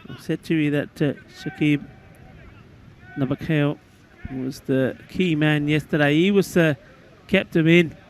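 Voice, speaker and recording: A man giving relaxed, appreciative cricket commentary alongside a colleague. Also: a little high, unhurried, a little hiss or hum. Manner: relaxed, appreciative, laughs easily. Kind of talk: live sports commentary.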